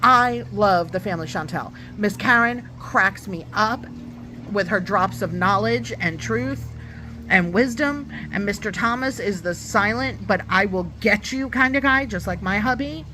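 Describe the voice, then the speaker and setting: A woman talks straight to her viewers in a casual, opinionated reality-TV review. Her voice is bright and forceful, and her delivery is animated whenever she acts out other people's lines. Faint noise sits behind her. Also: mid-range voice, a little slow. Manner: chatty and opinionated, acts out quotes. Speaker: YouTube reviewer.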